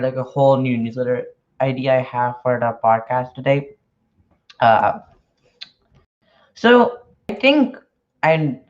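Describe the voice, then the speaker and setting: A man talks casually on a livestream while he writes, nervous and halting, often restarting his sentences. His voice sits at an ordinary middle pitch. The stream audio is dull and lo-fi. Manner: nervous, hesitant, many restarts. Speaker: podcaster and newsletter writer.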